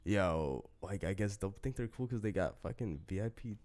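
A young man on a podcast who has just woken up, talking casually in a deep, hesitant way full of fillers. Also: animated, normal speed, a little mellow. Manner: rambling, hesitant, many fillers. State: just woke up, groggy. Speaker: podcast co-host. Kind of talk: casual chat.

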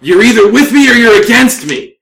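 A man voicing a frantic male dwarf who shouts panicked pleas for help. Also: extremely high pitch, expressive, brisk, gravelly, distant mic, a little hiss or hum, pitched above the performer's own voice, exaggerated voice.

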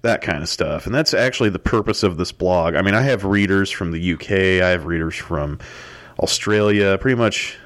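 A man's voice: low voice, moderate pace, fairly bright tone. A man hosting his own podcast, talking in a loose, rambling way with many fillers and restarts. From United States. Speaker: podcast host. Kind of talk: solo podcast monologue.

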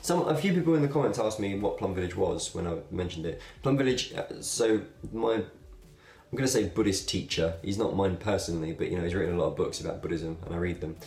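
A man's voice: low-pitched, fairly quick, gravelly. A young man, talking casually and thoughtfully to his camera as a video blogger, rambling a little with fillers. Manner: relaxed, rambling, with fillers and laughs. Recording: echoey room.

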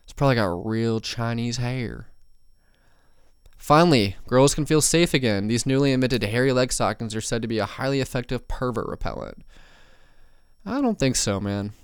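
A man's voice: medium pitch, normal speed, clear, resonant tone, no echo, studio quality. Rambling, profane young man podcasting solo. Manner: rambling, profane, many fillers and asides. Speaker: podcast host.

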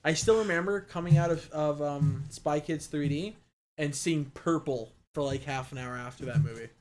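A young man chats casually with a blunt, profane edge. His voice sits a bit high. He gets emphatic when he likes something. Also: normal speed, darkish tone. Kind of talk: casual chat.

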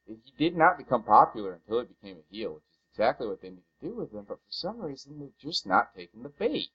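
Podcast co-host, man, animated casual chat, lo-fi muffled sound. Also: mid-range voice, breathy edge. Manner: animated, quick to exclaim, acts out quotes.

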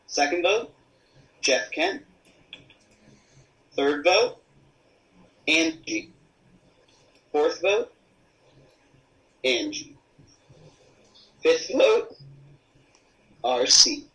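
A man impersonating a reality-show host tallying votes with announcer's pauses. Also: on the high side, big pitch swings, bright, forceful tone, heavily acted, poor audio. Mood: announcing.

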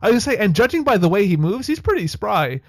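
Man, podcast host, wry recap, slightly high voice, dry close sound. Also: big pitch swings, quick pace, no room sound. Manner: wry, chatty narration with laughs. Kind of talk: casual episode recap.

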